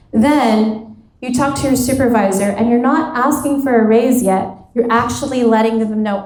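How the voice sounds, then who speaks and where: A woman's voice: a little high, a little mellow. A woman in her thirties giving a live motivational workshop talk as a career coach, chatting casually with lots of "like" and acting out bits of dialogue. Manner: conversational, peppered with "like", acts out quoted dialogue. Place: event hall at a women's retreat. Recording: roomy echo of a live hall.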